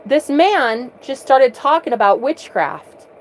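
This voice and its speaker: A woman's voice: high voice, expressive, slow, slight background noise, low-quality recording. A woman vlogger telling a personal story earnestly, often repeating words as she restarts.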